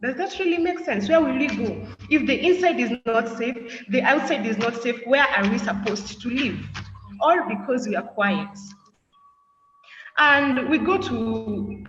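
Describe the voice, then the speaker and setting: A woman's voice: a little high, animated, unhurried, fairly bright tone. A teenage girl giving an impassioned student speech, asking her listeners one question after another. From Kenya. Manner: rhetorical, questioning, earnest. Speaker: student speaker. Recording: echoey hall, distant, muffled, faint noise.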